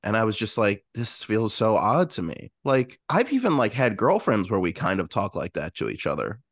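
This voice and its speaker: A man's voice: on the low side, sing-song, normal speed, dry recording, clean studio sound. A young man co-hosting a podcast, chatting casually and sometimes putting on a baby-talk voice. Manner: chatty, puts on baby talk for his dog. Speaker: podcast co-host. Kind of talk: casual chat.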